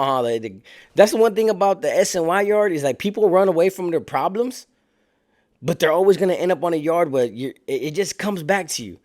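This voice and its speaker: A man casually telling a story in street slang, animating it by acting out what other people said. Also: fairly high pitch. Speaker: storyteller recounting prison life.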